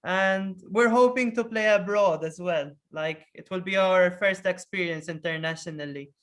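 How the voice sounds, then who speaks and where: A Maltese rock guitarist, guest on a casual interview, speaks with a Maltese accent in a medium-pitched, slightly bright voice at a moderate pace. He comes across as hesitant, often restarting sentences and laughing.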